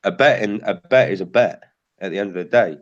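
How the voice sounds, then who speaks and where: A man's voice: fairly low pitch, brisk, muffled recording. A British man hosting a livestream in casual chat, blunt and repetitive, swearing freely. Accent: British English. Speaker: livestream host.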